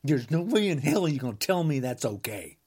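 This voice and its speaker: A husky, high-leaning voice belongs to an American podcaster in the middle of an angry political rant. He's very animated and a little fast, combative, repeating insults and sometimes bursting into shouts.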